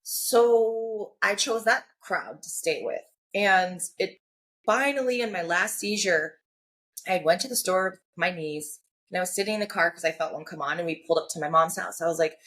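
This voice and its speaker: Her lowish voice moves at normal speed with a fairly bright tone. A podcast guest, she speaks frankly about her personal story, voicing what others said and frequently saying "like" and "you know."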